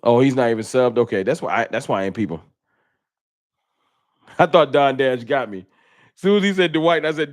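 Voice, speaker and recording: A man hosts a casual fan livestream for his fan channel, reading super chats and venting with frustration and bursts of laughter. His mid-range voice has lively intonation and a slightly fast pace, pauses often, and is recorded at studio quality with no room sound.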